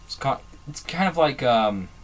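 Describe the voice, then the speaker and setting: A man's voice: medium pitch, lively intonation, a little slow. A man hosting a casual fan commentary video, rambling and digressive, often trailing off and restarting his sentences. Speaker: video host.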